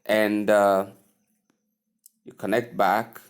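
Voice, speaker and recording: A man teaching English pronunciation, repeating each word slowly and carefully. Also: on the low side, little pitch movement, clean tone. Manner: repeats words slowly, drawn-out emphasis. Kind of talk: slow spoken lesson.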